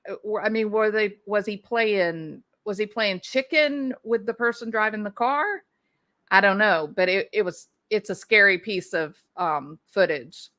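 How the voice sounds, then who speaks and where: A woman hosts a casual live stream, reading viewer comments aloud and chatting back to the audience. Her voice is bright and clear. She thinks out loud as she goes, restarting sentences and breaking into small laughs. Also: mid-range voice, measured pace. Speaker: livestream host.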